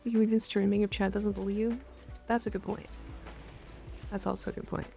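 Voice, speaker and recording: A woman's voice: medium pitch, level tone, fairly quick, gravelly, mellow, soft background music. A woman streamer chatting playfully with her viewers in a casual live stream.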